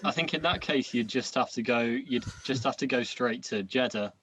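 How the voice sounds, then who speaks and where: Rambling podcast co-host. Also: male voice, mid-range voice, moderate pace, fairly bright tone, a little hiss or hum. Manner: rambling, hesitant, laughs a lot. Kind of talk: casual chat. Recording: dull lo-fi.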